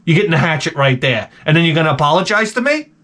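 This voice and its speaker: Excitable high-voiced man ranting. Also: rapid-fire. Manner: excitable, animated, rambling, exclaiming. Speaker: YouTube host. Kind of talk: unboxing vlog with rants.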